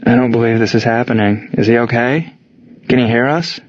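A man's voice: medium pitch, a little fast, no room sound, lightly acted. A man voicing a distraught young ballplayer. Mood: stunned. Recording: dull lo-fi recording.

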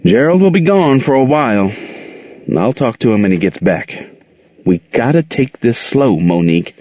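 A man's voice: medium pitch, lively intonation, normal speed, no room sound, voice pushed up, close to an everyday voice. A man voicing an older aunt, folksy, firm and protective, in a dull muffled recording. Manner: folksy, scolding then tender. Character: warm firm older aunt raising kids.

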